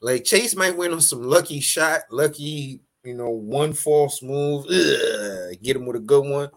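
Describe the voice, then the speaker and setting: A man chatting casually as a podcast host, animated and profane, laughing often and acting out quotes. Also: medium pitch, a little slow, creaky. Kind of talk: casual recap chat.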